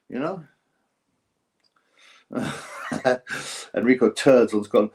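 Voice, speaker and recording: A man's voice: medium pitch, unhurried, long pauses, darkish tone. A man hosting a casual boxing live stream, reading viewer comments in a rambling, mocking way with bits of mimicry.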